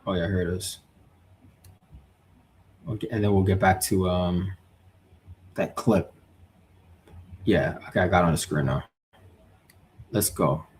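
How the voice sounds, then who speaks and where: A man with a deep voice hosts a casual live stream about boxing, speaking unhurriedly and pausing often. Animated and opinionated, he reads viewer comments aloud and argues his points.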